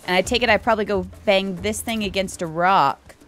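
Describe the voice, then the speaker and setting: A young woman giving casual let's play commentary, excitable, chatting to the animals and swearing, with sudden loud outbursts. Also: mid-range voice, a little fast. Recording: game music playing behind the voice.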